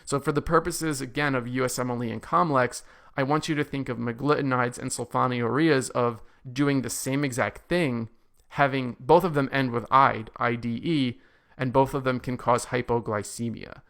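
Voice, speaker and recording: Male lecturer, gravelly low rasp, mid-pitched, explains and repeats key points slowly. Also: fairly even intonation, fairly bright tone. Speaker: medical lecturer. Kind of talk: recorded pharmacology lecture.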